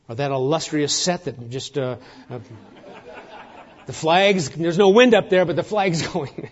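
A man preaching a sermon, emphatic and rousing, sometimes dropping to a hushed near-whisper. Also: high voice, lo-fi sound. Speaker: pastor.

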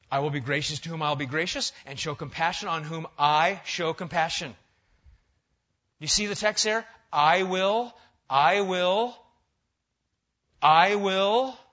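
Emphatic male preacher, bright tone. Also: on the high side. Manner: emphatic, rising to loud stresses then dropping quiet. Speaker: pastor. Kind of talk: sermon. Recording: dull lo-fi sound.

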